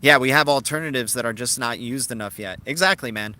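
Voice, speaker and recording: A man of Cuban heritage hosts a casual crypto live stream, talking through ideas and responding to viewers in the chat. His medium-pitched voice is brisk with a sharp tone.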